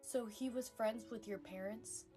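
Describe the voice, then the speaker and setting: A woman's voice: a little slow, mellow, faint music behind, lightly acted. A woman voicing an exasperated, sarcastic teenage daughter who whines and pleads in a comedy sketch. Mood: whiny. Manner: whiny, high and pleading.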